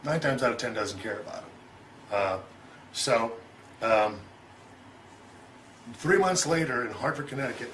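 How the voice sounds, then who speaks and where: A man's voice: medium pitch, expressive, unhurried, pauses often, fairly bright tone, a little hiss or hum, rough recording. A middle-aged man telling a story in an interview, loose and profane, chuckling and acting out both sides of an argument. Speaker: interview guest.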